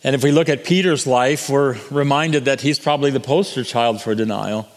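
A man's voice: mid-range voice, moderate pace, in a large hall. A man preaching a sermon as pastor, earnest, restarting and repeating words as he goes.

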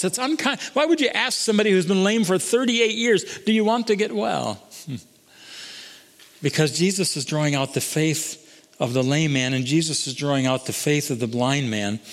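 Man, pastor, sermon, high voice, soaring then hushed delivery, echoing church hall. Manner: swings between soaring highs and hushed lows.

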